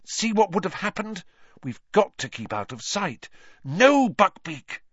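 A man's voice: big pitch swings, moderate pace, fairly bright tone, slightly rough, no room sound, lo-fi sound, heavily acted. A man putting on an anxious, earnest young girl. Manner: urgent, pleading, higher pitched.

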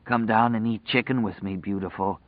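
Cracked, whispering ghoul from a storybook reading, dying and leering, put on by a male narrator; low, narrow tinny sound. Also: steady tone, moderate pace, dry recording, natural voice.

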